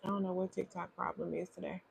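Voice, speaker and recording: Gravelly low woman hosting a livestream. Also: little pitch movement, fast talker, slight background noise. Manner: chatty, welcoming viewers with repeated greetings. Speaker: feminine leadership strategist, livestream host. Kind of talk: casual livestream chat.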